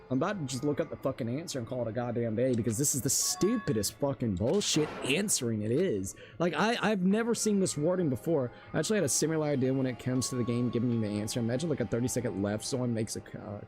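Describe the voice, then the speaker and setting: A man's voice: medium pitch, a little mellow. A male streamer cursing and ranting in frustration during a live gameplay stream.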